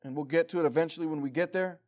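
A man with a fairly high voice preaches to his congregation in a church meeting room. He swings from loud, emphatic passages down to quiet, intense questions aimed at his listeners. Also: very fast. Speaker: pastor. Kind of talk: sermon.

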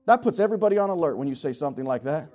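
A middle-aged man preaching a sermon, swinging from loud urgent exhortation to low joking asides with the congregation. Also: animated, racing.

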